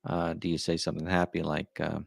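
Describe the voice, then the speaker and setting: A man's voice: deep voice, monotone, brisk, vocal fry, no room sound, studio quality. A middle-aged man hosting a livestream, chatting casually and rambling through his thoughts with plenty of asides. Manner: rambling, musing aloud with many asides. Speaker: livestream host. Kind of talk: casual live chat.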